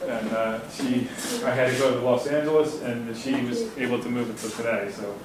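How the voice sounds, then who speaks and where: A man's voice: mid-range voice, fairly even intonation, moderate pace, a loud crowd. A man in his forties giving a candid, anecdotal lecture to students as a guest speaker, talking openly about his feelings. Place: university lecture room. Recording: roomy hall with faint background hiss.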